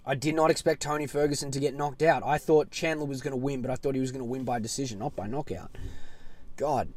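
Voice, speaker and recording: A man hosting a casual solo podcast, talking excitably and with plenty of swearing, swinging from loud bursts to low mutters. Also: dry recording. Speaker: podcast host.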